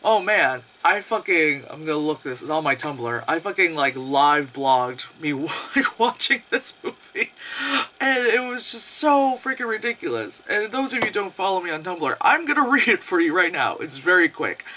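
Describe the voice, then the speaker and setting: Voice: medium pitch, animated, normal speed, pushed and bright. A young adult movie reviewer giving a casual, profane, sarcastic rant and laughing often.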